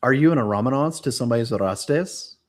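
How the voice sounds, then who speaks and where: A man's voice: mid-range voice, animated, fast. Rambling young man hosting a live stream. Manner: rambling, lots of fillers and self-corrections. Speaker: host. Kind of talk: casual live-stream chat.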